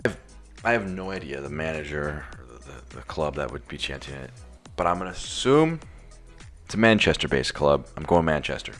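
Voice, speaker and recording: A man's voice: a bass voice, sing-song, brisk, over music. An American man, a young adult, thinking aloud through quiz answers in casual, hesitant chat with many restarts. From United States. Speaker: quiz contestant.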